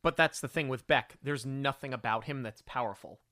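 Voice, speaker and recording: A man's voice: mid-range voice, a little fast, sharp tone, dry recording, studio quality. A man co-hosting a film review podcast, making his case in an analytical, firm way. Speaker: podcast co-host. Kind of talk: casual film review chat.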